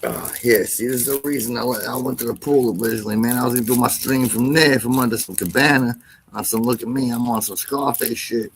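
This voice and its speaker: A man's voice: medium pitch, fairly even intonation, fast, slight background noise. A man hosting a casual livestream, talking in a loose, slangy, profane rant. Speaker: livestream host.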